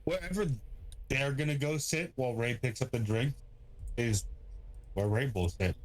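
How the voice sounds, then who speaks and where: A man's voice: medium pitch, moderate pace. A man playing a tabletop game, speaking easygoing and in character. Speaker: player.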